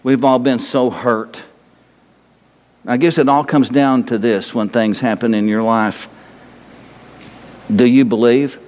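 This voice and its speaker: A man's voice: mid-range voice, steady tone, takes it slowly, long pauses, darkish tone, in a large hall. A man preaching a sermon, emphatic and rambling, pressing his listeners with repeated questions. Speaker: pastor.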